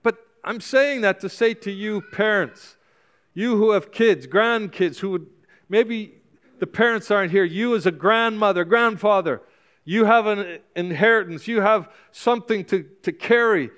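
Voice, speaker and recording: A man's voice: high-pitched, unhurried, a bit bright. A male pastor preaching a sermon with passion, urging and exhorting his congregation with repeated calls.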